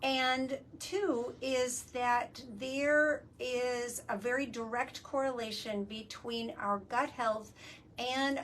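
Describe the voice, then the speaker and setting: A woman hosts a casual live stream with an eager, explaining manner and plenty of ums. Her voice sits fairly high. She is recorded from a distance in a studio, with a faint hiss of ambient noise behind her. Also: fairly bright tone. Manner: enthusiastic, explanatory, many fillers. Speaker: host. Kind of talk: casual live video chat. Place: work studio.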